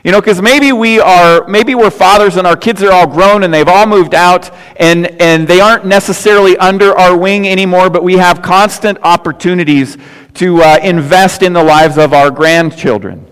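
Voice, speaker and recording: An older man preaching to his congregation, spinning homespun jokes and stories between scripture points. His voice sits a bit high for a man. The sound rings with the long reverb of a church sanctuary. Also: normal speed, a bit bright, clean tone. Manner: folksy storytelling with jokes and asides. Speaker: pastor. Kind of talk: sermon.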